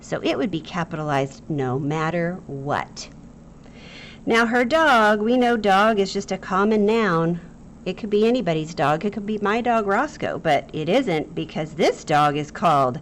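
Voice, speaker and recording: A woman's voice: mid-range voice, lively intonation, moderate pace, slight background noise. A woman teaching a grammar lesson for children in a playful, jokey way, talking straight to the pupils.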